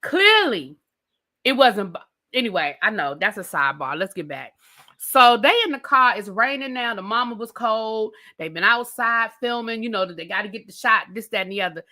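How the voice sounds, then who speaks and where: Sassy, bright-voiced woman ranting about TV. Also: on the high side, normal speed. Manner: animated, blunt and sassy, swears freely. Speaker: TV show reviewer. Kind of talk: casual ranting commentary.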